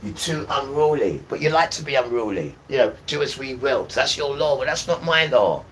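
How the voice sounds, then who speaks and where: A man's voice: mid-range voice, expressive, moderate pace, fairly bright tone, a little hiss or hum, rough recording. A man, preaching and insulting people on a live stream, repeating his phrases as he goes. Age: 50s. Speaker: livestreamer. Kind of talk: live-stream religious rant.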